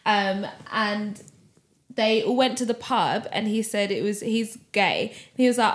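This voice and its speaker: A woman co-hosting a podcast in relaxed, casual chat. Her pitch sits in the middle, and she tends to tell stories and let her sentences fade toward the end. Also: a little slow. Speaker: podcast co-host.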